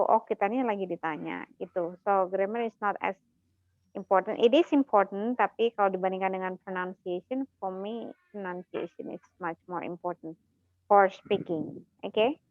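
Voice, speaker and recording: A woman's voice: medium pitch, no room sound, phone-quality sound. A woman with an Indonesian accent teaches English in a casual chat, switching between English and Indonesian and laughing often.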